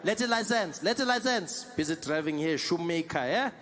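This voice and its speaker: Comedian playing traffic cop, curt, high. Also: male voice, lively intonation, normal speed, fairly bright tone. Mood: brusque. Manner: curt, barking, clipped. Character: blunt South African metro policeman, man.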